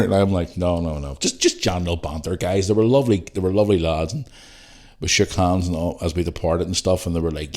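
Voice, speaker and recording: Low-voiced Northern Irish man. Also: moderate pace, a little mellow. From Northern Ireland. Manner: rambling, sweary, addresses listeners as guys. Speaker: podcast host. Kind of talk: casual storytelling chat.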